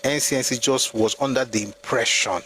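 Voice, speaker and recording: A Nigerian-accented man hosts a live history talk at a mid pitch. He argues hard, firing off rhetorical questions and answering them himself. A faint noise sits under his voice. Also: fairly even intonation, fairly quick, sharp tone, low-quality recording. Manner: argumentative, full of rhetorical questions. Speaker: host.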